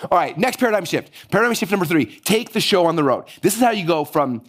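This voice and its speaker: Male course instructor, energetic and fast-talking, a little high, hoarse from overuse. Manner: energetic, hyped-up, rapid-fire. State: hoarse from losing his voice. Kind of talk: live online workshop teaching.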